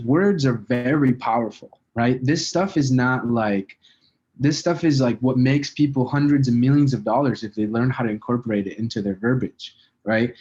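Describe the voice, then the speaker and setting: A man's voice: mid-range voice, darkish tone. Casual man coaching on sales talk, lo-fi. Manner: loose and conversational, fillers and frequent "right?". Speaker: sales communication trainer. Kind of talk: casual spoken training talk.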